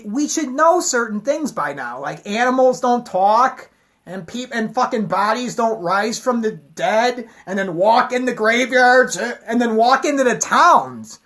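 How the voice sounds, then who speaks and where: A woman's voice: on the high side, fairly bright tone. A woman giving a heated, profane, rambling rant to her camera. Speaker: vlogger.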